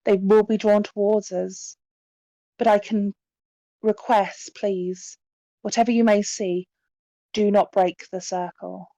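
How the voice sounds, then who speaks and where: A woman voicing a solemn female spirit medium who leads a séance in a tabletop game, speaking gravely and pleadingly. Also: medium pitch, little pitch movement, takes it slowly, pauses often, warm tone, no echo, poor audio.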